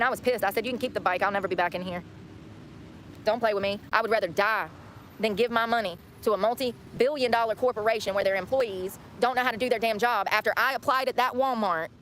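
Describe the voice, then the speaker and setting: A woman's voice: medium pitch, a bit bright, a little hiss or hum. A woman livestreaming herself, ranting in an indignant way and repeating herself as she tells her story.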